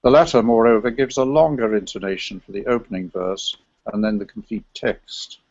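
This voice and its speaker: A man with a gravelly voice presents an academic paper in a scholarly, meandering way. The recording is dry and slightly dull, with no room sound. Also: on the low side, fairly even intonation, normal speed, darkish tone, dry recording. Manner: scholarly, digressive, sings chant examples. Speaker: lecturer on medieval chant.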